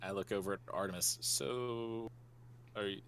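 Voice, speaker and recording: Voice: low voice, steady tone, normal speed, a bit bright, slight background noise. A player in a tabletop vampire game, talking hesitantly with stammers. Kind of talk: tabletop role-play chat.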